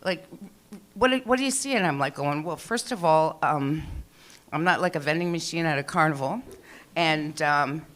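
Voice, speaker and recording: A middle-aged woman with a deep, slightly bright voice rambles through open-mic stand-up on a small club stage at a normal speed. She's chatty and swears, acting out the people in her stories.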